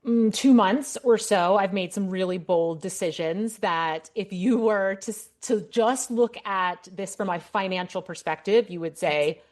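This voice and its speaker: A woman's voice: mid-range voice, a little slow, hardly any pauses, a little mellow. A middle-aged woman hosting a podcast, candidly telling a long personal story in casual conversation, with frequent restarts. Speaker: podcast host. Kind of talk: casual interview chat.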